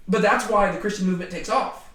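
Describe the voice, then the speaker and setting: A man leading a casual Bible study, talking in an animated way with many fillers. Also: high-pitched, fast talker. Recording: echoey room, distant from mic.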